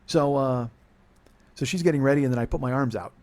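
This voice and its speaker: A man in his forties hosting a comedy podcast, telling a confessional story in a profane, self-deprecating way that drops to low muttering and then bursts out loud. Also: brisk. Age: 40s. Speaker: podcast host.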